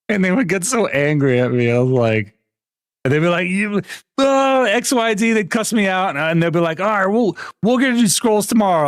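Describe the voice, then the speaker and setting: Animated, swearing male streamer. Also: fairly high pitch, dry recording, clean studio sound. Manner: animated storytelling, swearing, frequent laughter. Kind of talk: casual live-stream chat.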